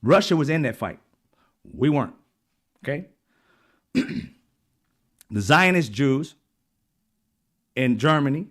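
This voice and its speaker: A man hosting his own channel, talking in a casual, blunt monologue with frequent swearing and repeated throat clearing. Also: a little high. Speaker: channel host.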